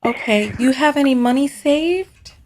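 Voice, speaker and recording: A woman's voice: sits high, unhurried, darkish tone, a little hiss or hum. A woman hosting an advice show, asking a caller direct, probing questions. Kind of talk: advice call-in conversation.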